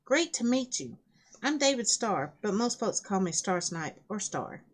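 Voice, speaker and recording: A woman's voice: medium pitch, sing-song, a little slow. A woman with a scratchy throat reading the lines of a friendly, enthusiastic young male gamer.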